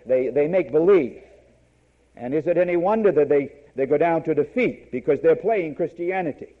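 A man's voice: a little high, narrow, tinny audio. A man preaching a sermon, emphatic and repeating key words for stress.

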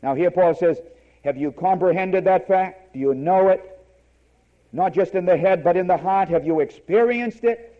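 A man's voice: high-pitched, moderate pace, narrow, tinny audio. A man preaching a sermon, emphatic and repeating key words for stress.

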